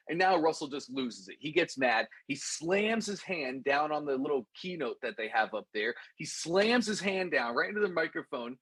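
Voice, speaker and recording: A man teaching a course, telling a lesson story in an animated, repetitive way and calling his listeners "guys". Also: fairly high pitch, slightly rough, dry recording. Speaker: course instructor.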